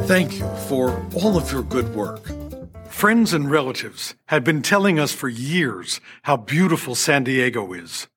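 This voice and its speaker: An older man hosting a podcast, narrating a personal story from a script and acting out quoted dialogue with little laughs. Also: a little high. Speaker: podcast host and orchestra conductor.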